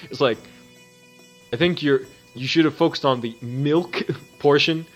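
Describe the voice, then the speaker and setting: A man's voice: medium pitch, measured pace, fairly bright tone, highs cut off, faint music behind. A man co-hosting a podcast, chatting casually, rambling and joking with frequent laughs. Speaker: podcast co-host. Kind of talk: casual chat.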